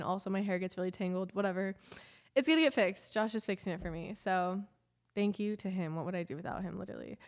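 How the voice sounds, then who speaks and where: A woman's voice: medium pitch, quick pace. Young woman vlogger, casual confessional chatter, rambling and heartfelt. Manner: emotional, rambling, lots of "like" fillers.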